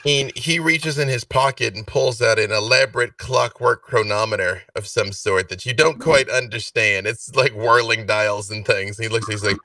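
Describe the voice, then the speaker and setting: Game master guy narrating, bright voice, dry sound, a bit off mic. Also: lowish voice, normal speed, hardly any pauses, no echo, distant mic. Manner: relaxed, chatty narration with fillers.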